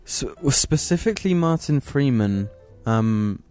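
A man's voice: mid-range voice, expressive, a little slow, darkish tone, soft background music. A young man, chatting casually as a podcast co-host, swearing freely and using lots of fillers. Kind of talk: casual chat.

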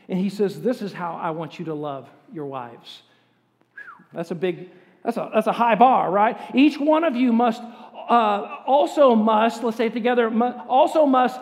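A man's voice: high voice, a little mellow. A man preaching a sermon as pastor, earnest and emphatic, with rising bursts of force. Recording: long hall reverb.

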